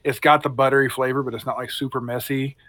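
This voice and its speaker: A man's voice: medium pitch, little pitch movement, fast, fairly bright tone, no echo. A married man, a guest in a casual podcast chat, talking earnestly and enthusiastically about food.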